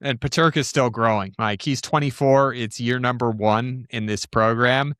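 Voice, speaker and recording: A man's voice: medium pitch, fairly even intonation, normal speed, a bit bright, clear, resonant tone, dry recording, clean studio sound. Upbeat man co-hosting sports talk. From Utah. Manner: upbeat, teasing. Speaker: podcast co-host.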